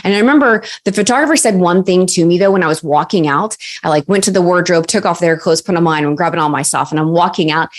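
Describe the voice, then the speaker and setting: A woman in her thirties, a guest on an interview show, telling personal stories in a lively way. She uses many fillers and acts out quoted voices. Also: fairly low pitch, fast, few pauses. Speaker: podcast guest, success coach. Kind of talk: casual interview storytelling.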